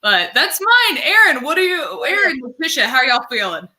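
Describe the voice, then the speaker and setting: A woman's voice: high-pitched, very animated, a crowd in the background, poor audio. A woman hosting a casual comedy chat, bubbly and chatty. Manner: chatty, bubbly, quick asides. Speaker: podcast host.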